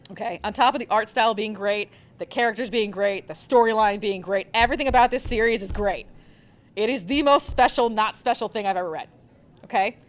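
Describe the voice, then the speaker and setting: A young woman recommending manga on a live convention panel, gushing and rambling with lots of fillers. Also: mid-range voice.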